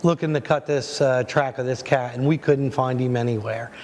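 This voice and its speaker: A man narrating a hunt in voice-over, telling it in a rambling, excited way with fillers. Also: medium pitch, normal speed, big-room sound, slight background noise. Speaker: hunting show host. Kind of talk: voice-over storytelling.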